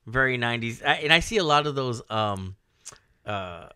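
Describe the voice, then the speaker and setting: A man's voice: medium pitch, lively intonation, moderate pace, sharp tone, clean tone, no echo, studio quality. A man in his forties co-hosting a podcast, chatting casually and rambling with lots of fillers. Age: 40s. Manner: rambling, laughing, full of fillers. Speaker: podcast co-host. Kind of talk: casual chat.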